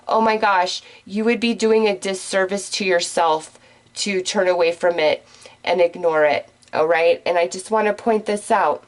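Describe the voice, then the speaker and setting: A woman giving a general tarot reading straight to her viewers, excitable and gushing, talking in quick bursts. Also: on the low side, low-quality recording. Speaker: tarot reader.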